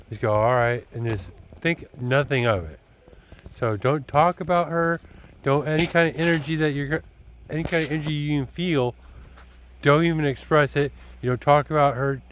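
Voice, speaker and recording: On a low-quality recording, a father with a mid-range voice gives his son dating advice in a casual, rambling vlog-style talk. He's blunt and preachy, circling back with fillers like "you know" and "dude."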